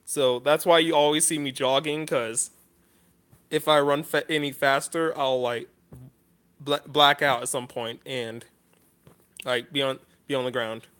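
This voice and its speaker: A man talking off the cuff in a list vlog, halting and earnest, pausing often and restarting his sentences with frequent apologies. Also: mid-range voice, fairly even intonation, fairly bright tone, smooth. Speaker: vlogger.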